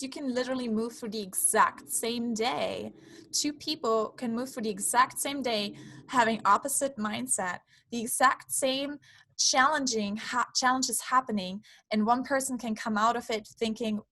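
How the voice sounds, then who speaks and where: A woman podcast host who affirms her guest and explains a point in an even, reflective way. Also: on the high side. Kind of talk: casual podcast conversation.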